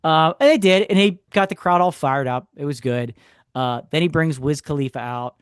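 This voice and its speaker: A man co-hosting a podcast tells a story in a casual, animated way, adding sarcastic asides. His voice is on the high side, clear and resonant, at a moderate pace. The recording is dry with clean studio sound.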